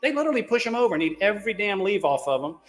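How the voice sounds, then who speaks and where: Brief: man, co-host, slightly high voice, rambling and profane, long reverb on the audio. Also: sing-song, rapid-fire. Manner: rambling, profane storyteller, laughs at himself. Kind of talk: casual group chat.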